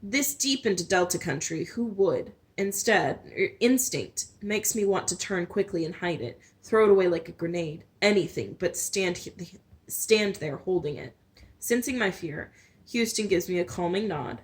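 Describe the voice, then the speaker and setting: A woman's voice: lowish voice, animated, moderate pace. A woman reading a novel aloud in first person, with small slips and restarts. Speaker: storyteller.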